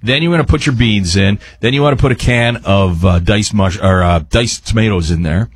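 A man's voice: on the low side, a little fast, breathy edge, no room sound. A man appearing as a guest chef on a radio show, talking through a recipe in a rambling, jokey, chatty way. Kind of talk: casual cooking chat on radio.

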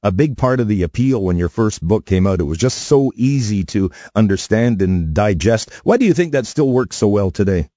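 A man hosts a finance interview on radio. His voice sits low and mellow, and he asks his questions in a friendly, conversational way. The sound is dry and dull, like a broadcast. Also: expressive, normal speed, few pauses, no echo. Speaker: radio show host.

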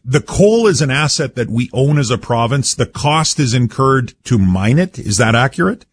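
A man's voice: mid-range voice, expressive, normal speed, husky. A man hosting a radio show and questioning a minister pointedly in a studio.

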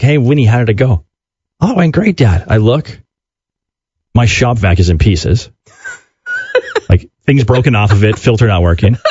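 Animated man telling a story on radio. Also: mid-range voice, slightly rough, no room sound. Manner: animated, acts out quotes in put-on voices. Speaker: radio show co-host. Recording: dull dry radio studio sound.

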